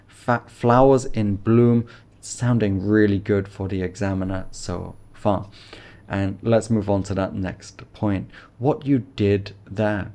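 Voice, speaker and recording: A man's voice: fairly low pitch, little pitch movement, takes it slowly, gravelly, warm tone. A man teaching IELTS speaking, encouraging as he explains phrases and models model answers. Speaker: English teacher.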